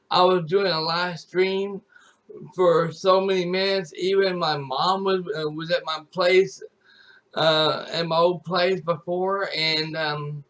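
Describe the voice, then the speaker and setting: A man with a notably high voice chats to his audience as a streamer. His storytelling wanders, full of restarts and repeated phrases. The tone stays casual and unscripted throughout. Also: a bit bright. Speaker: gaming YouTuber and streamer.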